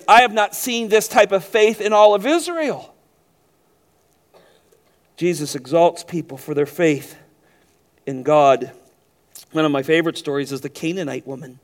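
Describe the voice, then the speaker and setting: A man gives a sermon in the role of pastor, rising loud and emphatic, then falling quiet and low. He tends to repeat words whenever he begins a phrase again.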